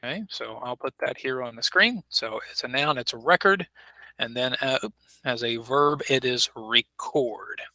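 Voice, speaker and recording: Bright-voiced man teaching online. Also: medium pitch, no room sound, poor audio. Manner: patient, repeats and models pronunciation slowly. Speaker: ESL teacher. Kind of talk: online class instruction. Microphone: computer mic on a video call.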